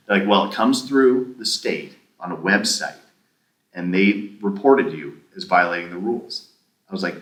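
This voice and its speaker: A man's voice: deep voice, fairly quick, fairly bright tone. A man casually telling a long story as a podcast guest, acting out both sides of the conversations he recounts. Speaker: podcast guest, former gym owner. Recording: echoey room, somewhat distant mic.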